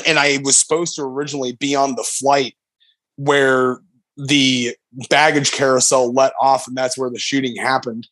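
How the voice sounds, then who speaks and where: A man's voice: medium pitch, fairly bright tone, low-quality recording. A man co-hosting a podcast, talking in plain, earnest casual chat. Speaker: podcast co-host.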